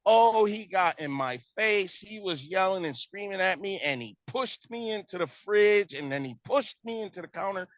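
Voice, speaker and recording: A man's voice: sits high, animated, moderate pace, few pauses, no room sound, muffled recording, voice pushed up. A man mimicking a whiny teenage boy who exaggerates while crying. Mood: whining.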